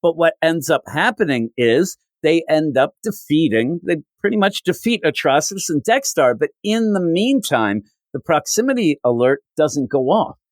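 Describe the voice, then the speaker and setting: A man hosting a comics podcast, recapping a story with animated storytelling and acted-out quotes. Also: on the high side, moderate pace, hardly any pauses, dry recording. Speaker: podcast host. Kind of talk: casual comic review recap.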